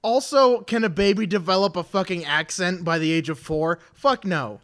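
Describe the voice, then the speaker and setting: A man's voice: sits high, normal speed, a bit bright. Exasperated, cursing male podcast co-host. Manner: exasperated, profane ranting. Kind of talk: casual comedic chat.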